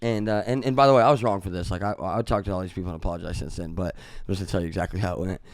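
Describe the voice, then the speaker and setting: A man from Missouri, a musician guest on a podcast, telling a story in a casual, profane way. He jumps into loud re-enactments of what was said. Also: sits low, fairly even intonation, rapid-fire, dry recording, studio quality. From Missouri, USA.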